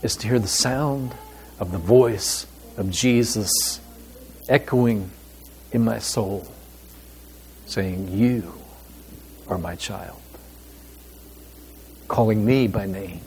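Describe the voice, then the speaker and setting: A man preaching a sermon as pastor, with a deliberate, emphatic delivery and pauses. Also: on the low side, darkish tone.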